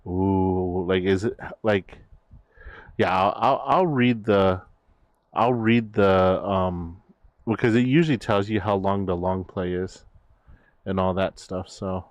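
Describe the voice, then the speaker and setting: Low, slow-talking male streamer. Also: fairly even intonation, dry recording. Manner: rambling, many fillers and restarts. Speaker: VTuber streamer. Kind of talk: casual stream chat.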